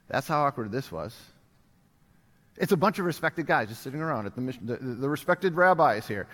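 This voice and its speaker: A man's voice: high-pitched, pushed and bright, big-room sound. A man preaching a sermon, telling a story and acting out bits of dialogue with casual asides. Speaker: pastor.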